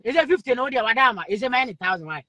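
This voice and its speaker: Hosting a live-stream chat, a man with a Ghanaian accent excitably reads out viewers' comments, repeatedly calling their names and often breaking into laughter. His very high voice is bright and forceful, delivered rapid-fire, and the recording is close and dry with no echo.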